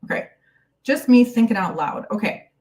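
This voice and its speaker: A woman's voice: fairly high pitch, animated, moderate pace, a little mellow, far from the mic. A woman hosting a casual live stream Q&A from home, chatty and bubbly as she greets viewers by name, a little out of breath. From United States. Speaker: YouTube host.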